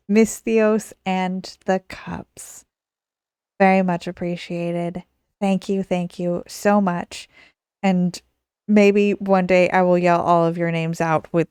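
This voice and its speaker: A woman's voice: fairly low pitch, a little mellow, clean tone, no room sound, studio quality. A woman hosting a casual podcast, chatty and laughing often. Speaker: podcast host.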